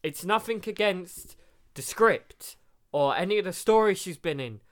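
A man with a smooth, clear voice, pitched a little high, chatting casually as a podcast co-host. He is blunt and opinionated, swears now and then, and has a lingering cough. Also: animated, unhurried, fairly bright tone. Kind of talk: casual chat.

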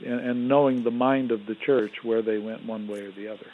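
A man, an Orthodox theologian, explaining in measured tones with some fillers as a guest on a radio call-in show. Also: medium pitch, steady tone, slight background noise. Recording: phone-like narrow sound.

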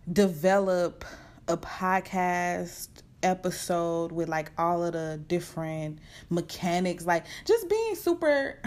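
Chatty, fast-talking woman podcaster. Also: on the low side. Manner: chatty, animated, fast-talking with many fillers. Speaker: podcast host. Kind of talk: casual unscripted chat. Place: home at night. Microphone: computer setup at home.

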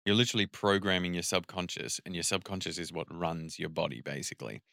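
A man with an Australian accent co-hosting a podcast, talking in animated, casual chat and swearing a lot. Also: deep voice, fast, gravelly, dry recording, studio quality. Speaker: podcast co-host.

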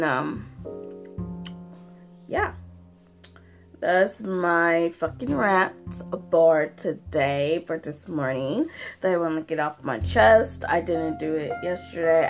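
A woman's voice: sits low, darkish tone. A young woman hosting her own podcast, ranting casually with lots of fillers and swearing, sounding tired. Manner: rambling, profane, frequent fillers. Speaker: podcast host. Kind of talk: casual solo rant.

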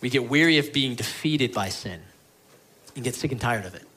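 A man preaching a sermon as pastor of his church, earnest and pleading, moving between emphatic lines and quiet ones. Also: medium pitch, animated, brisk, husky.

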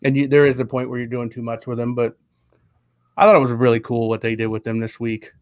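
A man's voice: medium pitch, flat delivery, quick pace, dry recording, studio quality. A man co-hosting a podcast in casual chat, eager and teasing, with a lot of "like" in his talk. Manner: enthusiastic, teasing, filler "like". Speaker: podcast co-host.

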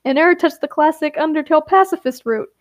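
Woman doing a nosy excitable traveler girl, high, teasing, dry sound. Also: fast, dry recording, close to an everyday voice. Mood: eager.

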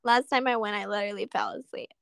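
A woman's voice: medium pitch, fairly even intonation, fast, gravelly, a bit bright, smooth, no echo, clean studio sound. A young woman co-hosting a podcast in casual chat, often laughing as she talks. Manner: giggly, laughs through her words. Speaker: podcast co-host.

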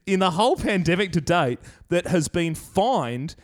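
An Australian man co-hosting a casual comedy podcast, telling stories with frequent laughter and gruff quoted voices. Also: sits high, very animated, normal speed. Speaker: podcast co-host.

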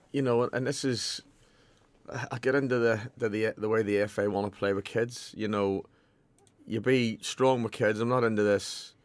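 A man's voice: on the low side, no echo. A man answering interview questions about football in a forthright, earnest way. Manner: forthright, earnest, repeats for emphasis. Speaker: football manager guest.

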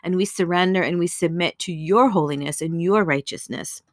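A woman's voice: on the low side, normal speed, no echo, studio quality. A woman giving an earnest devotional Bible teaching with prayer, speaking in a conversational way with casual fillers.

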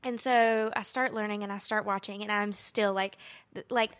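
A woman's voice: medium pitch, fairly even intonation, moderate pace, a bit bright. A young adult woman telling a long personal story in casual podcast chat, rambling with lots of "like" and acting out quotes. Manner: rambling, heavy use of "like", acts out quotes.

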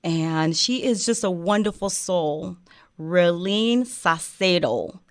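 Slow and animated, this fairly low-voiced woman from West Africa hosts an interview show with deep feeling and sincerity. She leans on many fillers, and the clean studio recording carries no room sound.

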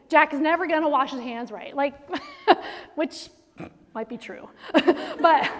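Woman, high voice, middle-aged, animated storyteller, faith talk to moms, long echo of a big hall. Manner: storytelling, animated, laughs often. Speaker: speaker to moms. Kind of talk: faith-based talk to an audience.

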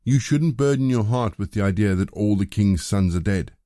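A man's voice: lowish voice, moderate pace, warm tone, dry recording, studio quality, lightly acted. A man reading as a reassuring royal adviser.

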